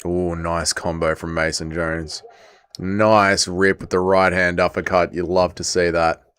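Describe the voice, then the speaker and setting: Excitable Welsh man streaming fight commentary. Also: low voice, a little slow, smooth. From Wales. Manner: excitable, chatty, reads chat aloud. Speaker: livestream host. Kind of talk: casual livestream watch-along commentary.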